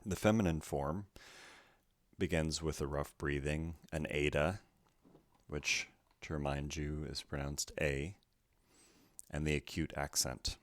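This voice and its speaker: A man's voice: rumbling low, fairly even intonation, measured pace, long pauses, dry recording. A man teaching Greek pronunciation, going carefully through each word letter by letter in a methodical way. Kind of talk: slow letter-by-letter pronunciation lesson.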